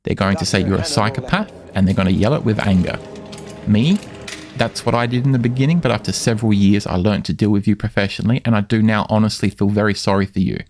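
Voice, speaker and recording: A man speaking insistently to camera in a monologue, repeating and slowly stressing his words. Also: on the low side, a little mellow. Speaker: vlogger addressing his stalker. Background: music.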